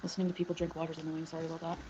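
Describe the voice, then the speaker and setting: Racing through her words in a deep monotone, a woman guesting on a livestream chats casually and calls out viewers' names from the chat. A fan hums loudly near her home microphone, making the audio lo-fi.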